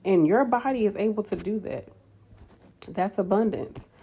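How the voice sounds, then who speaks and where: A woman nurse giving animated, preachy, encouraging advice in a casual vlog. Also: medium pitch, moderate pace, breathy edge.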